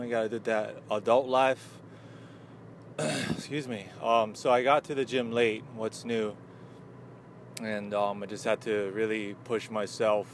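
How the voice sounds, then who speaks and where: A man chatting through a laid-back morning podcast, a little out of breath, rambling with plenty of "um" and "you know". His voice sits at an ordinary middle pitch, with faint traffic noise from the street behind him. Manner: loose and rambling, lots of fillers. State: winded. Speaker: podcast host. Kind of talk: casual morning chat.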